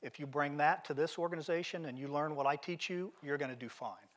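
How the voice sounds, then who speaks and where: A man's voice: fairly high pitch, a little fast, fairly bright tone. A middle-aged man giving a motivational keynote at a seminar, telling stories in a direct, emphatic way. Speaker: keynote speaker. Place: seminar venue.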